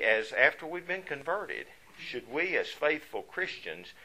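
A man's voice: mid-range voice, bright, forceful tone, rough recording. A man preaching a sermon, emphatic, asking rhetorical questions and answering them himself.

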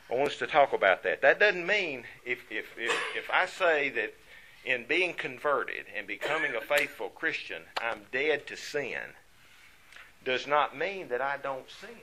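A man's voice: mid-range voice, animated, moderate pace, noisy background. A man preaching a sermon, emphatic, asking rhetorical questions and answering them himself.

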